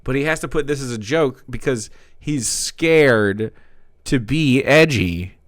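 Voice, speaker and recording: A man's voice: mid-range voice, animated, takes it slowly, dry recording, clean studio sound. A man streaming live, giving sarcastic, mocking commentary on a video clip. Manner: sarcastic, mocking asides with laughs. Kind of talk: casual commentary.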